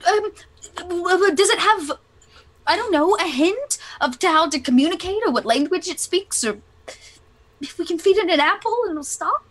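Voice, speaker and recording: A woman playing a tabletop game, excitable and bubbly. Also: very high voice, moderate pace. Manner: excitable, bubbly, with lively rises. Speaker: player.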